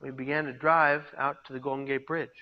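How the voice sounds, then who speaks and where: A male peer mentor and suicide prevention speaker tells his personal story to a live audience over a video call, dramatically swinging between hushed and loud delivery. His mid-range voice is flat and brisk, and the highs are cut off.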